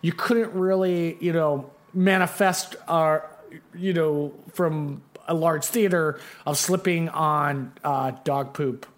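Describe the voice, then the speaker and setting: A man's voice: fairly high pitch, steady tone, takes it slowly. A man co-hosting a podcast in casual chat, rambling with many fillers as he tells a story. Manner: rambling, lots of fillers and restarts. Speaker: podcast co-host.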